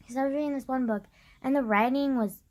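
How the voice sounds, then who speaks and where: A woman's voice: high voice, fast. A young woman ranting casually into the camera, exasperated and sarcastic, filling her speech with "like" and the odd swear. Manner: mocks others in exaggerated put-on voices. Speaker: vlogger. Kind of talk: casual rant.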